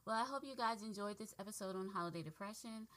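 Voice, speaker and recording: A woman's voice: mid-range voice, fast talker, a bit bright. A woman hosting a podcast in a casual way. She speaks directly and affectionately to her listeners. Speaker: podcast host.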